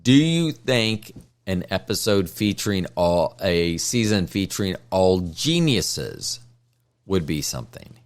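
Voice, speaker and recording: A man hosting his own podcast, talking straight to the listener in a blunt, sardonic monologue. His voice sits fairly low but rises and falls widely as he tells his stories. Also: takes it slowly. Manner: blunt, sardonic, lively storytelling. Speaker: podcast host. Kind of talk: casual solo monologue.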